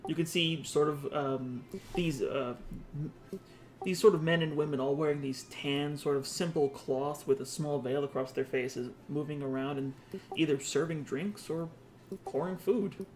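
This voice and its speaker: A man's voice: a little high, steady tone, a little slow, a little mellow, slight background noise. Man narrating as game master. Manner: descriptive, with asides and restarts.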